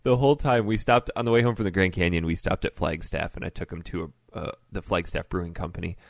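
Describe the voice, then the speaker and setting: A man's voice: deep voice, steady tone, fast, gravelly, no room sound. A man hosting a podcast, telling stories in a laid-back way and laughing often. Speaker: podcast host. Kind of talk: casual chat and storytelling.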